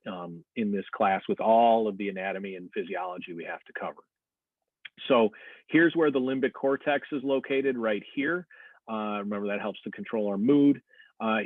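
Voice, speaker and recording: A man's voice: on the low side, no echo. Man, recorded classroom lecture, frequent fillers, tinny narrow audio. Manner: explanatory, checks in with "okay?" and "right?", frequent "uh" fillers. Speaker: anatomy and physiology instructor. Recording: tinny phone-like dry recording.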